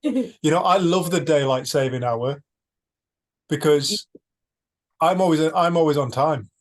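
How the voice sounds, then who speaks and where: A man hosting a retreat over a video call, telling stories in an earnest, animated way. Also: a little high, measured pace. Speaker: retreat host. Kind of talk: casual reflective talk.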